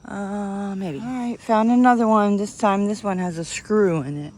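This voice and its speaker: A woman vlogger with a mid-range, darkish voice talks at normal speed while working in her yard. Holding the camera up close to her face, she chats and rambles, laughs often, and is now and then out of breath.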